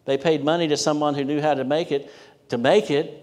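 A man's voice: fairly even intonation, brisk. Emphatic preacher man in a reverberant hall. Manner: emphatic, rising loud on scripture, dropping low on asides. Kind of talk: sermon.

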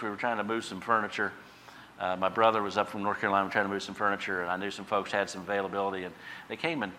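A male pastor delivers a sermon with a bright, forceful voice. He moves between soft, conversational asides and loud, emphatic lines. A faint hiss of noise sits under the recording. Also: on the low side. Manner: preaching with rising emphatic bursts and quiet asides.

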